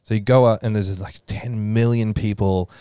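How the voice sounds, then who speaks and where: A man's voice: fairly low pitch, steady tone, moderate pace, dark tone, smooth, dry recording, studio quality. A man co-hosting a podcast, telling stories in a blunt, wry, casual way. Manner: storytelling, wry and blunt, mimics voices for laughs. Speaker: podcast co-host. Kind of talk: casual chat.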